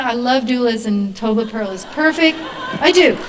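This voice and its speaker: Midwife lady telling stories on stage, fairly high voice, animated, mic a bit far off. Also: normal speed. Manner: animated, acts out voices in her stories, laughs. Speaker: midwife giving a talk. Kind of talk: storytelling presentation to an audience. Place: performing arts hall stage.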